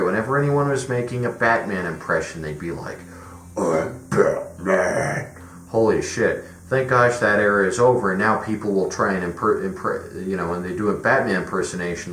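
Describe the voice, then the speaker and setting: A man's voice: deep voice, fairly bright tone. A man giving a rambling, opinionated movie review, full of fillers and swearing. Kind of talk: casual spoken movie review. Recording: roomy echo with faint background noise.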